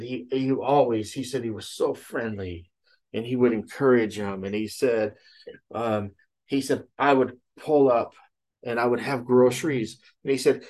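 A man preaching a sermon who retells a story with frequent "he said" tags and checks in with "okay?". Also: mid-range voice. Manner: retells a story with many "he said" tags, then teaches from scripture. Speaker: pastor.

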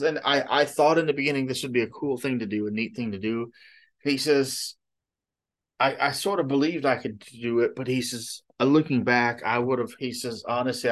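A man's voice: medium pitch, fairly bright tone. Rambling conversational male preacher. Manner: conversational and rambling, frequent "you know" and "okay?". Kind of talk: sermon.

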